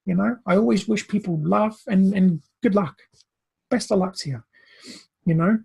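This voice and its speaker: A man's voice: high-pitched, moderate pace, vocal fry, darkish tone, breathy edge. A Brazilian-born man in recovery coaching, telling a personal story in an earnest, emotional way, often repeating words.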